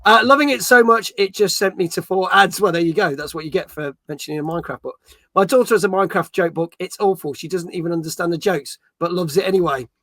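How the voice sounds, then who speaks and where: High, bright-voiced host. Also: male voice, fast, dry recording, studio quality. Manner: joking, reads viewer comments aloud. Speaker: podcast host reading chat. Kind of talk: casual live-stream chat.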